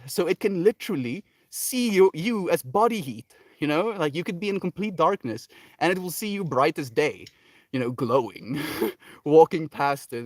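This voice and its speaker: A man hosting a daily livestream, talking in a soft, meandering and reflective way, with many fillers and restarts. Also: a little high, dry recording, studio quality. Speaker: livestream host. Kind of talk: reflective spiritual livestream talk.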